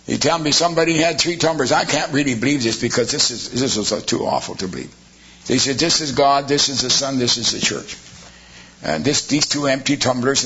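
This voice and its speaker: A man's voice: medium pitch, fairly bright tone, husky. A man preaching a sermon, firing off rhetorical questions with sarcastic asides. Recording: dull lo-fi sermon recording.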